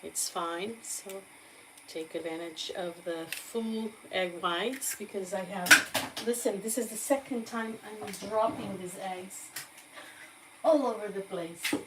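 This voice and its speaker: A woman's voice: medium pitch, takes it slowly, heavy background noise. A woman with a Portuguese accent, chatting casually to viewers as she demonstrates a recipe in her kitchen. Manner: chatty, warm asides to viewers, frequent "okay?" check-ins. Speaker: cooking vlogger. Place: home kitchen.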